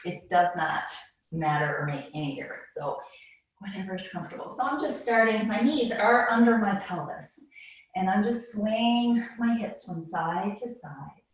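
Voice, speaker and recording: A woman leading a yoga class, calmly cueing breaths and movements, a little out of breath. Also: mid-range voice, normal speed, very echoey, distant mic, poor audio. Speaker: yoga instructor. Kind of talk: guided yoga class instruction.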